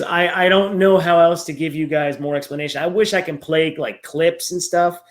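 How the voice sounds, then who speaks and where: A man's voice: on the high side, fairly even intonation, normal speed, hardly any pauses. A man chatting casually about a favorite cartoon, rambling, laughing often and swearing freely. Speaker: vlogger reviewing a cartoon series. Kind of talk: casual chat.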